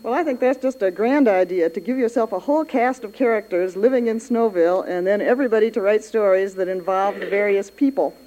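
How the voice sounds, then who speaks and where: A woman's voice: medium pitch, brisk, few pauses, mellow, a little hiss or hum, poor audio. A woman hosting an educational radio program, chatting with a class and encouraging listening classes.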